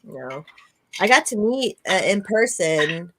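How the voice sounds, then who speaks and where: A woman's voice: medium pitch, sing-song, slow pace, background noise. A woman co-hosting a live stream, chatting casually with lots of fillers and swearing. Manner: rambling, swears a lot, many fillers. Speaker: stream co-host. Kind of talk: casual chat.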